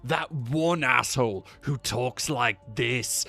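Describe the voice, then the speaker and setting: A man's voice: mid-range voice, expressive, measured pace, few pauses, pushed and bright, faint music behind. A man streaming casually, rambling and swearing as he reads chat aloud.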